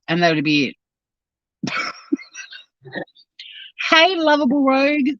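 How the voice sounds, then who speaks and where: A woman's voice: sits high, very animated, slow, a bit bright, no room sound. Blunt, sweary Australian woman chatting. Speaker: livestream host reading chat. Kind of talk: casual chat while driving. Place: car. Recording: dull, dry lo-fi sound.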